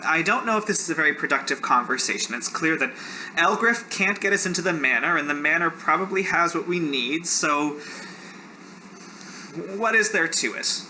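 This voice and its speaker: A man voicing a fretful, high-voiced candle keeper. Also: expressive, moderate pace, bright, forceful tone, slight background noise, low-quality recording. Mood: worried. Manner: fretful, helpless.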